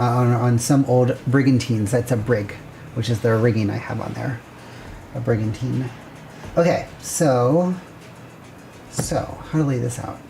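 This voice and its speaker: A woman with a rumbling low, gravelly, mellow voice hosts a livestream, sketching a building plan while casually thinking aloud. She rambles, corrects herself, and chats with viewers, with slight background noise present.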